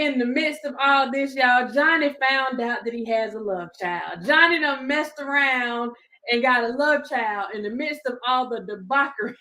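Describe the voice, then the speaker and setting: Woman, higher pitch, casual commentary, playful, laughing. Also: a bit bright. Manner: laughing, playful Southern-style slang. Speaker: commentary vlogger.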